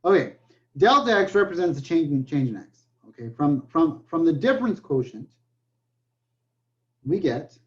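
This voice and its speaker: A man's voice: fairly high pitch, sing-song, normal speed, long pauses, dull audio. A man teaching a recorded math lecture, joking in asides and saying okay often. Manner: joking asides, many okays. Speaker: math professor.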